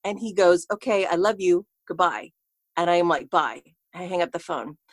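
A woman's voice: on the low side, moderate pace, dry recording. A middle-aged woman, a guest in a casual interview, telling personal stories in a chatty way, full of fillers and quoting herself.

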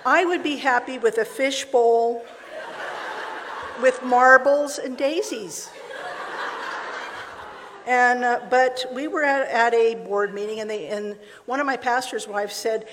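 A woman's voice: fairly high pitch, steady tone, slow pace, pauses often, fairly bright tone, slight background noise. A middle-aged woman giving a conversational sermon to a women's gathering, telling stories with frequent laughs and acted-out dialogue. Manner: chatty storytelling, laughs often, acts out dialogue. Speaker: speaker at a women's church gathering. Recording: long reverb of a hall.

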